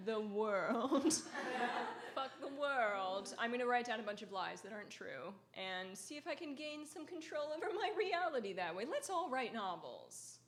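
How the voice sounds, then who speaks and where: A woman from the American Midwest takes audience questions as a guest author, her voice sitting a little on the high side. She laughs through her answers and pokes fun at herself, dropping swear words offhandedly. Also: big pitch swings, moderate pace. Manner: laughs often, self-mocking, swears freely. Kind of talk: casual audience Q&A.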